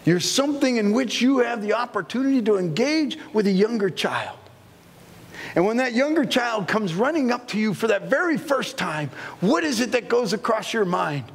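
Man, pastor, sermon, very high voice, husky, long church reverb. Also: lively intonation, moderate pace. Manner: storytelling, acting out little scenes. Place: church sanctuary.

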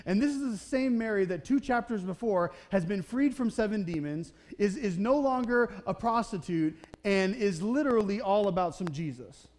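A man with a high voice preaches a sermon in a church sanctuary. His delivery is casual and chatty. He keeps asking the congregation "okay?" and "right?" as he retells the story. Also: animated, normal speed, hardly any pauses, a little mellow. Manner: conversational preaching, often checking in with "okay? right?"; acts out the Bible characters' voices in short quotes. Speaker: pastor.

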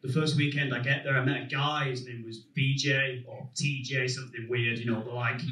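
A young man from Manchester with a Manchester accent doing a stand-up comedy set, animated and swearing freely. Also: medium pitch, brisk, roomy sound, far from the mic, rough recording. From England. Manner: animated, swears freely, shouts put-on voices. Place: comedy club stage.

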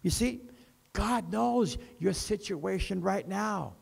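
Gravelly slow-preaching man pastor. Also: high-pitched, lively intonation. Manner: preaching with slow, rising and falling emphasis. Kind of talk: sermon.

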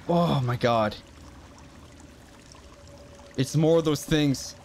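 A gaming channel host provides let's play commentary on a survival horror game, often startled, letting out frightened exclamations and muttering to himself. His voice is mid-range and slow, with frequent pauses. There is slight background noise.

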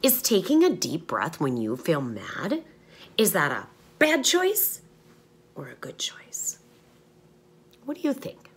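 A woman teaching young children through short stories, asking them questions and pausing for their answers. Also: fairly low pitch, huge pitch swings, slightly rough. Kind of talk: storytelling lesson for young children.

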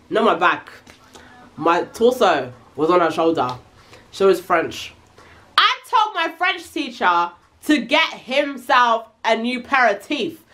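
A young woman telling a casual, slangy storytime, animated and full of swearing. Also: a little high. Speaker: vlogger.

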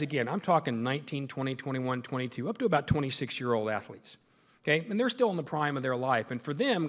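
A man's voice: mid-range voice, long reverb tail. A man giving a humorous storytelling speech as a guest speaker, full of self-deprecating jokes. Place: large meeting hall.

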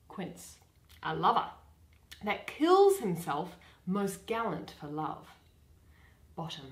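A woman reading all the parts of a play aloud, in a clear, measured way. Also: medium pitch, big pitch swings, roomy sound. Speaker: reader.

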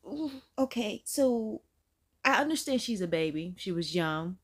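A woman's voice: medium pitch, expressive, a little slow, slightly rough. A woman hosting a reaction video, chatting casually and sounding incredulous as she talks to viewers. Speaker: host reacting to clips.

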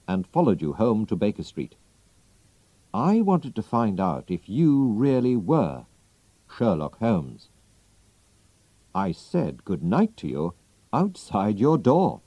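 Slow, mellow male storybook narrator. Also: lowish voice, no room sound, low-quality recording. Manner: clear, slow, expressive reading. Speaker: audiobook narrator for English learners.

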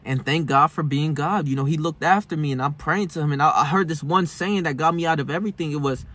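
A young man with a husky, slightly high voice tells a personal story straight to his audience. He talks in loose street slang, cursing freely, and swings between fired-up venting and subdued reflection. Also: fast, fairly bright tone. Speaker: self-help vlogger. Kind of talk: casual storytelling monologue.

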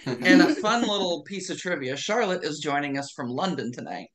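Brief: upbeat, teasing moderator on a video call, mid-pitched, casual. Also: lively intonation, normal speed, a crowd in the background. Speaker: moderator of cast Q&A.

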